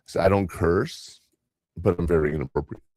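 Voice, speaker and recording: A man's voice: low voice, darkish tone, dry recording, clean studio sound. An older man, a comedian hosting a podcast, telling rambling stories in casual chat. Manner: rambling storyteller, quick asides. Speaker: podcast host and stand-up comedian.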